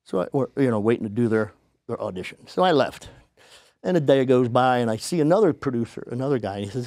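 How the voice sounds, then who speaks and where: A man, a podcast guest, telling a story casually and acting out the people he quotes in a higher voice. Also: expressive, quick pace, darkish tone, dry recording, studio quality. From United States.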